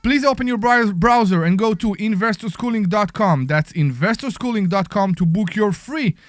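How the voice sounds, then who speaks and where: A man's voice: high-pitched, moderate pace, no echo. A man with an Israeli accent hosting a casual radio talk show from a studio, joking and poking fun at himself. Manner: joking, self-mocking.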